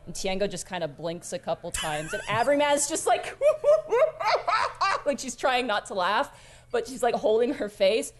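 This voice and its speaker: A woman's voice: medium pitch, expressive, normal speed, slight background noise. Woman game master, casual, giggly narration. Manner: casual, many fillers, giggly.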